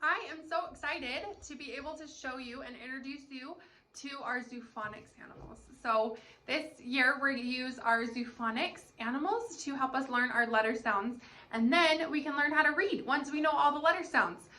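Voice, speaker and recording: Bright high-voiced woman teaching phonics. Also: moderate pace. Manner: cheerful, sing-song, demonstrates letter sounds. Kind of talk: phonics lesson for young children.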